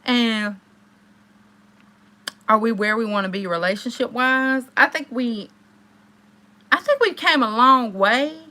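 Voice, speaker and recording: Woman in her thirties, live-stream host, bright and somewhat high voice, chatty storyteller talking straight to her viewers. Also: takes it slowly, pauses often. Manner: animated, chatty, addresses viewers directly.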